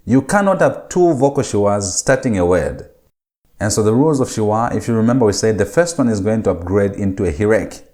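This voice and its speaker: A man's voice: on the low side, a little mellow. Methodical man teaching Hebrew grammar. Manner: methodical, repeats key points and numbers steps. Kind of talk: recorded lecture with slides.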